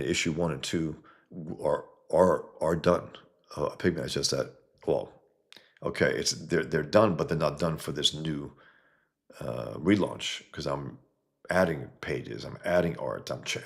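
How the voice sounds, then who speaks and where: A man's voice: rumbling low, lively intonation, a little slow, gravelly. A man hosting a casual livestream, reading viewer comments aloud and answering them in a blunt, rambling, sometimes profane way from a home setup. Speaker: livestream host.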